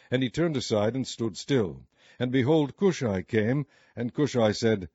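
A man reading scripture aloud in a measured, deliberate manner. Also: medium pitch, warm tone, slightly rough, no room sound. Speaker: scripture reader. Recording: slightly muffled recording with faint music.

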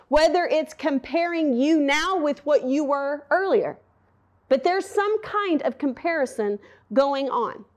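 A woman with a high voice preaches a Bible lesson in a relaxed, conversational way. She is animated and often puts questions to her listeners. She slips into quoted voices as she tells the story. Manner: animated, acts out quotes and asks the audience questions. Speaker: bible teacher. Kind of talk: conversational sermon.

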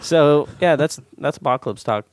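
Animated man hosting a podcast. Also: fairly high pitch, a little hiss or hum. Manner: animated, rambling, quick to laugh and swear. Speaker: podcast host. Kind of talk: casual podcast chat.

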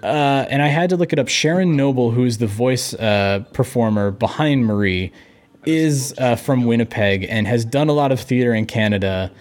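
A man's voice: mid-range voice, normal speed, darkish tone. A man co-hosting a podcast in casual chat, hesitant and filled with ums. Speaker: podcast co-host.

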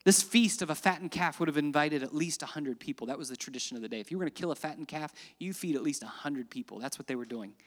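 A man preaching a sermon, swinging dramatically between loud emphatic lines and hushed, quiet ones. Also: on the high side, quick pace, hardly any pauses, in a large hall. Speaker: pastor.

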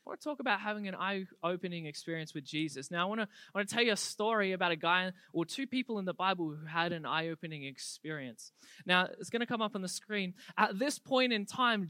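Young preacher, energetic youth sermon, bright forceful tone, dry close sound. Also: mid-range voice, no room sound. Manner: animated, humorous, building to fervent emphasis.

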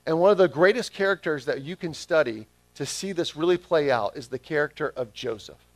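A man's voice: a little high, animated, brisk, no echo. A man preaching a sermon, stressing his key phrases by repeating them back to the congregation. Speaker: pastor.

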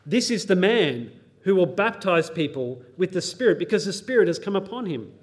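Earnest man preaching, slightly high voice. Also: sing-song, normal speed. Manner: earnest teaching, quotes scripture aloud, light pop-culture asides. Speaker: pastor. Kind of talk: sermon.

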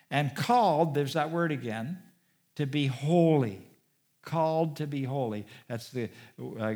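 A middle-aged man, a pastor, preaching a sermon and drawing out the key words for emphasis. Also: mid-range voice. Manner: stresses key words with slowed, drawn-out delivery.

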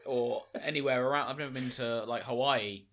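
A man's voice: medium pitch, fairly even intonation, a little fast, fairly bright tone. A man co-hosting a comedy podcast, rambling in a self-deprecating way during casual banter. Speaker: podcast co-host.

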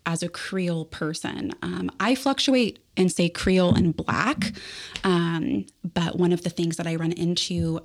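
A young woman from the Bay Area, a therapist, talking candidly in a casual podcast conversation with an animated, storytelling manner. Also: lowish voice, unhurried, vocal fry. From San Francisco Bay Area. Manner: candid, animated storytelling with frequent laughs and fillers. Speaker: therapist guest.

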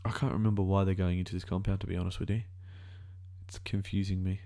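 Man, 20s, Australian accent, fairly low voice, rambling reaction commentary, thinking aloud. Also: little pitch movement, fast talker, mellow. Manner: musing aloud, rambling, self-correcting. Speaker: video reactor.

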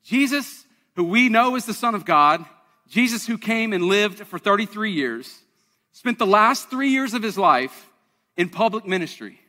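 A man's voice: sits high, expressive, moderate pace, bright, forceful tone, big-room sound. A man, preaching a conversational, self-deprecating sermon to his congregation in a church. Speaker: pastor. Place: church sanctuary.

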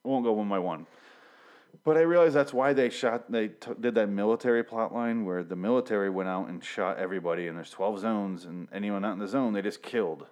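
A man's voice: deep voice, darkish tone, smooth. A young man giving a casual, rambling TV recap, swearing often and restarting his sentences as he gets worked up and flustered. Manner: rambling, profane, frequent restarts and fillers. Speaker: TV episode recapper. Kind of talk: casual rant.

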